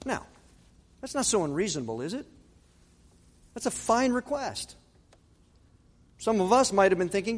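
High-voiced preacher in a reverberant hall. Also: male voice, big pitch swings. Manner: dramatic, acts out quotes with pauses and repetition. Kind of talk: sermon.

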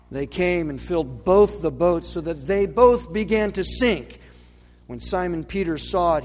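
Emphatic male preacher in an echoing hall. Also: a little mellow. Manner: emphatic, slowing for stress and dropping low on key words. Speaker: pastor. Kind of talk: sermon.

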